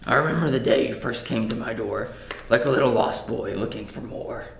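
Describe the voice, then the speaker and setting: A man's voice: a little fast, gravelly, natural voice. A man playing a brooding, possessive bat vigilante in an amateur comedy sketch, reading earnestly in an echoey room. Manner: earnest, low-key reading. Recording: roomy echo, faint noise.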